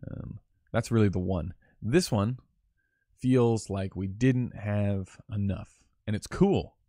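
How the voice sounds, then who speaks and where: A man with a lowish, mellow voice talks through film shots on a live stream. He is casual and enthusiastic, swears here and there and often restarts his sentences. The sound is close and dry, with little room around it. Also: takes it slowly, no room sound. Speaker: cinematographer teaching on a live stream.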